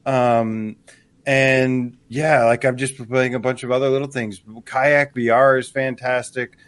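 Male co-host, mid pitch, eager chatter with frequent laughs. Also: flat delivery, unhurried, clear, resonant tone, no echo. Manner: enthusiastic, laughs often, restarts. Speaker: podcast co-host. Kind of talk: casual live show banter.

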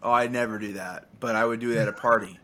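A man co-hosting a podcast in casual chat, playful and quick to riff and joke. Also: on the low side, fairly even intonation, bright, forceful tone, a little hiss or hum. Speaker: podcast co-host.

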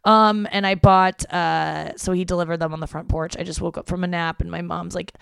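Young woman podcaster ranting about her day, lowish smooth voice, dry close sound. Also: flat delivery, brisk, no room sound. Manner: rambling, irritated, swears freely. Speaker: podcast host. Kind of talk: casual monologue. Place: home.

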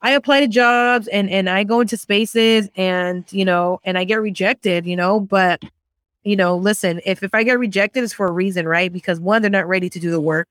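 A woman's voice: mid-range voice, moderate pace, a bit bright, smooth, dry recording. A woman with an ordinary mid-range voice chats as a podcast guest. She tells stories with a lot of energy, acts out the voices of the people she quotes and swears freely. The recording is dry and close. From Central American family, raised in US. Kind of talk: casual conversational storytelling.

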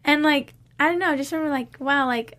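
A woman's voice: high voice, fast talker, a bit bright. A young woman dancer in a casual interview, talking in a rambling way and saying "like" often. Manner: rambling, lots of "like".

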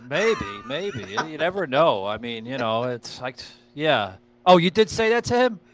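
A man's voice: fairly high pitch, very animated, moderate pace, crowd noise. A man hosting a podcast, telling stories in a rambling, profane way with lots of fillers. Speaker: podcast host. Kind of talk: casual podcast chat.

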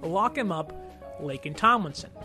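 A man with a notably high voice hosts a casual sports talk segment. He thinks aloud, weighing options and hedging between firm calls. Music plays clearly under his voice. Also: lively intonation, normal speed. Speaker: sports podcast host.

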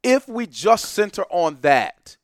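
Man with a higher lively voice, emphatic guest, dry close sound. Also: slow, no echo. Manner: emphatic, animated, bursts into loud laughter. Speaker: professor and podcast guest. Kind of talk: heated podcast discussion.

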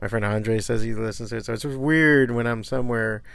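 A man's voice: mid-range voice, brisk, creaky, fairly bright tone, no room sound. A middle-aged man hosting his own podcast from his studio, rambling casually and swearing freely with self-deprecating humor. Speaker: podcast host, comic shop owner. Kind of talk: casual solo podcast talk.

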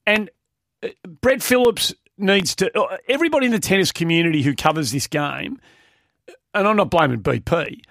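A man's voice: sits high, expressive, moderate pace, gravelly, fairly bright tone, no room sound, studio quality. An opinionated man hosting a casual sports talk radio show, often stumbling and restarting his sentences. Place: radio studio.

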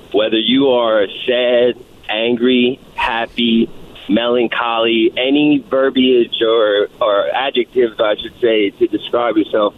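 A man's voice: mid-range voice, slight background noise. A man calling in to a radio show, earnestly praising one of the hosts. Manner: earnest, heartfelt. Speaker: radio caller. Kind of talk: call-in praise. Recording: phone line.

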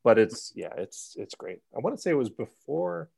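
A man's voice: medium pitch, sing-song, moderate pace, gravelly, darkish tone, slightly rough. A man co-hosting a podcast, telling stories in a rambling, self-interrupting way with chuckles. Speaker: podcast co-host. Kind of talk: casual chat.

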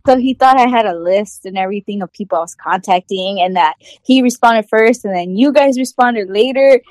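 A woman's voice: mid-range voice, a little fast, a little mellow, no echo. A woman co-hosting a podcast, telling stories in a casual, offhand way. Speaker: podcast co-host.

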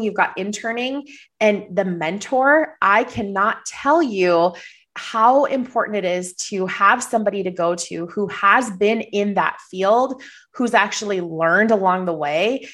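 A woman's voice: medium pitch, unhurried, a bit bright. A woman from Minnesota with a light Minnesota accent and a slight cold, giving earnest, encouraging advice as a podcast guest. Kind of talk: casual interview answers.

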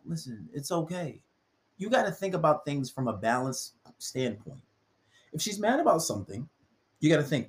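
A young man hosting a solo podcast, giving blunt, preachy dating advice and acting out quoted voices with big jumps in pitch. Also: sing-song, normal speed.

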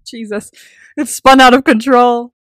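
A young woman co-hosting a podcast, chatting casually about a TV episode, reacting quickly, laughing often and swearing. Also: a little high, fairly even intonation, fairly bright tone, dry recording, studio quality. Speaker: podcast co-host. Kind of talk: casual recap chat.

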